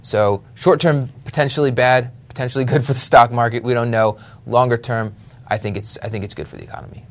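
A man's voice: medium pitch, fairly even intonation, fairly quick. A man co-hosting a casual finance podcast. He banters easily and jumps between jokes and market talk, restarting his sentences as he goes. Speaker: podcast co-host. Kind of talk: casual chat.

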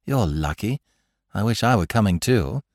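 A man's voice: on the low side, expressive, normal speed, darkish tone, no echo, clean studio sound. A man voicing a blunt, earnest nineteen-year-old who speaks plainly and gets flustered.

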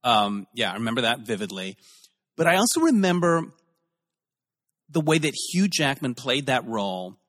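Male host, animated pitch, enthusiastic, rambling, casual chat, long reverb. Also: moderate pace, pauses often. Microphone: video call.

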